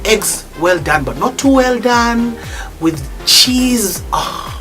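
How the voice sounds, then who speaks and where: Animated gospel singer man telling stories. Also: extremely high pitch, slow, soft background music. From East Africa. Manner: animated, jumps to loud exclaims when excited. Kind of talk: animated storytelling interview.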